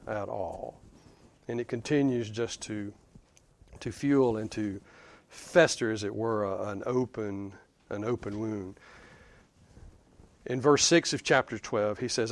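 A man preaching a conversational sermon, chuckling and rising for emphasis before dropping low. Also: a bit bright, dry recording.

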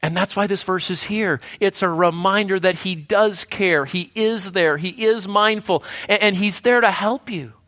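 A man preaching a sermon as pastor, earnest, repeating himself and dropping to a hushed voice on key lines. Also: sits high, moderate pace, hardly any pauses, dry recording, clean studio sound.

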